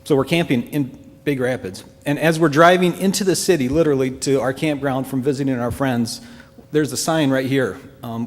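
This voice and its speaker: A man giving an earnest, heartfelt personal testimony to a congregation, speaking in a halting way. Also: mid-range voice. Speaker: church member giving a testimony. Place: church hall. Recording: long church-hall reverb.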